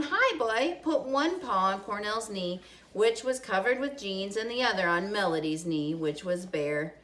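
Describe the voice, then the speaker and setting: A woman reading a children's chapter book aloud to kids, expressive and animated. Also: fairly high pitch. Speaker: storyteller for children.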